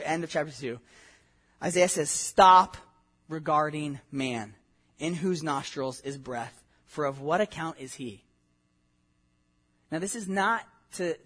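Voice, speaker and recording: Husky, high-voiced man preaching a sermon. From Southern California. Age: adult, married with a wife. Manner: animated, conversational preaching with many asides and audience questions. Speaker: pastor. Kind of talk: expository sermon.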